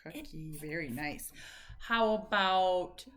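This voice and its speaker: A woman's voice: fairly low pitch, a bit bright. A mother patiently coaching her son through speech practice at home, prompting him and cheering him on. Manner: patient, encouraging, drawn-out prompting.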